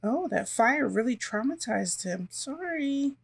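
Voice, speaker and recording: A woman's voice: on the high side, lively intonation, a little slow, creaky, husky. A woman casually commenting on her life-simulation gameplay and chatting to her characters as she plays. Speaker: gaming channel host.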